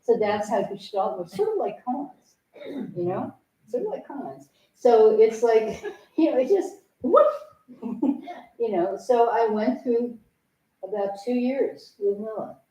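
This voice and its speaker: In an echoey temple meditation hall, an older woman speaks as a Zen teacher giving a dharma talk, her fairly high voice swinging widely in pitch at a slow pace. The tone is dark and the audio dull, picked up by a distant mic. She tells a personal story frankly and with humor, acting out remembered dialogue.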